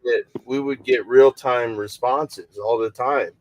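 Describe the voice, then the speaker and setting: A man's voice: medium pitch, steady tone, unhurried, rough recording. A man co-hosting a casual chat, talking eagerly and filling his sentences with "like". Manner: enthusiastic, filler-heavy, repeats "like".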